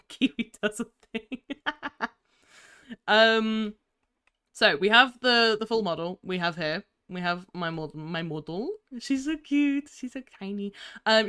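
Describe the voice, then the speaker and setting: Casting: young woman streamer, bright and crisp, giggly chatter, sounds a bit sleepy. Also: mid-range voice. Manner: giggly, chatty, easily distracted. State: tired. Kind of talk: casual live-stream chat.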